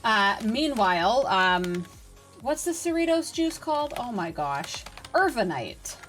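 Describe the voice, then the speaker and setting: Chatty woman game streamer, high voice. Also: slow, soft background music. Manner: chatty, reads and answers chat, excitable. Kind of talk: casual live-stream chat.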